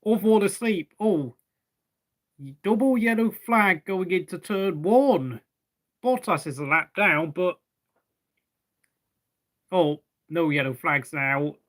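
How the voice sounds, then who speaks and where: A man's voice: high voice, expressive, slow, pauses often, fairly bright tone. A young man hosting a live race watchalong, chatting casually and rambling to fill the gaps between race updates. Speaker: watchalong host.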